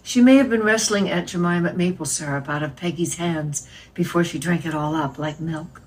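A woman reading a novel aloud in a measured, expressive way. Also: on the low side, distant mic, slight background noise, low-quality recording. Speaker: reader.

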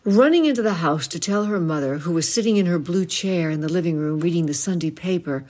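A woman in her seventies, a novelist, expressively reading a passage from her own book aloud. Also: on the low side. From United States. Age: 70s. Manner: expressive storytelling reading with voiced quotes.

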